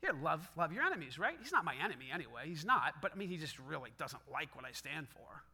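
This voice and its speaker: A middle-aged man preaching a sermon in a conversational, animated way, acting out little dialogues and laughing often. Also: fairly high pitch, fast talker, gravelly, slightly rough. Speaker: pastor.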